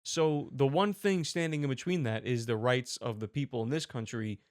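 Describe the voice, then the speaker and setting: A man's voice: mid-range voice, normal speed, no room sound, studio quality. A man hosting a ranting commentary show, talking in an exasperated, profane and sarcastic way. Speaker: host.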